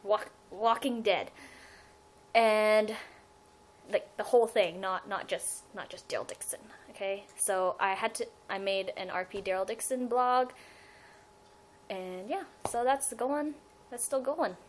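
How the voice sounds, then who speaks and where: A woman's voice: medium pitch, measured pace, slight background noise, rough recording. Chatty young woman rambling on a webcam. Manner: rambling, giggly, self-interrupting. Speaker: fan vlogger. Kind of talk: casual fan vlog Q&A.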